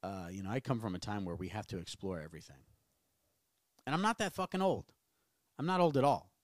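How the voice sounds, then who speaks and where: A man's voice: on the low side, expressive, fairly quick, no echo, clean studio sound. Rambling, profane man in his thirties. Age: 30s. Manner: rambling, profane, self-mocking. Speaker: podcast host. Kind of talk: casual solo podcast rant. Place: small home studio.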